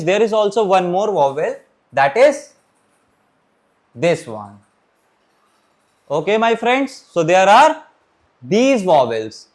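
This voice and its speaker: A man teaching a beginners' French class, talking his students through the lesson and often pausing to say "okay, my friends". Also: high-pitched. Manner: repeats "okay, my friends", restarts and pauses while writing. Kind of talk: classroom lecture.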